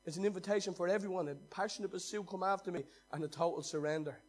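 A pastor delivers a fired-up sermon in a somewhat high-pitched voice. He swings between loud exhortation and quiet, intimate asides. When he gets worked up, he stumbles and repeats his words. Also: fast.

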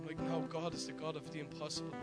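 A man's voice: on the high side, completely flat delivery, fast talker, over loud music. A man preaching a sermon, telling a testimony with fervent, repeated declarations.

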